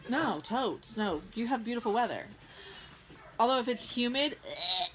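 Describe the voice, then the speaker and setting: A woman's voice: on the high side, expressive, moderate pace, a bit bright, a little hiss or hum. A woman co-hosting a casual home vlog, chatty and bubbly, sometimes stretching her words out. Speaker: co-host. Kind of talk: casual chat. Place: home in Texas.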